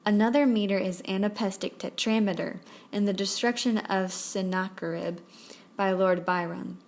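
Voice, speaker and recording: A young woman hosting a tutorial, reading a scripted explainer in a clear, measured way and spelling out terms one by one. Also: mid-range voice, fairly even intonation. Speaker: poetry tutorial host.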